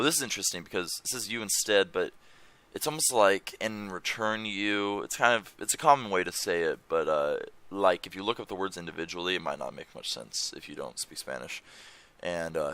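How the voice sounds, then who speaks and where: Young man, very low voice, gravelly fry, bright edge, rambling casual talk, swears offhand. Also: animated, brisk, no room sound. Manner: rambling, swears casually, reads foreign lyrics aloud. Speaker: language-learning vlogger. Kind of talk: casual screen-share chat. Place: home room.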